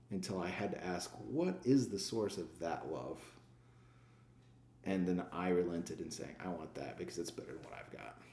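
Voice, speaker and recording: A man's voice: low voice, creaky, warm tone, slight background noise. A man, a sales manager and former pastor, talking reflectively in a casual interview, asking himself rhetorical questions and answering them. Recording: echoey room.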